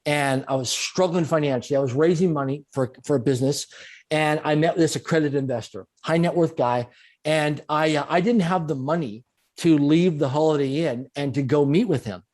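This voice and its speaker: A middle-aged man telling stories as an interview guest, animated and repeating phrases for emphasis. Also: on the high side, normal speed. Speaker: guest speaker. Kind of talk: storytelling in a conversational interview.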